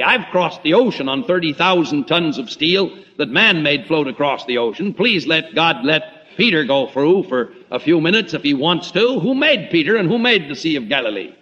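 Bright-voiced male preacher in a reverberant hall. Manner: dramatic, swinging between loud emphasis and hushed low tones. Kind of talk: sermon. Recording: muffled lo-fi recording in a reverberant hall.

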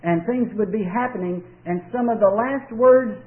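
Folksy high-voiced preacher on tinny radio. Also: male voice. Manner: folksy storytelling with drawn-out emphatic pauses. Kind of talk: sermon. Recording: tinny old radio broadcast.

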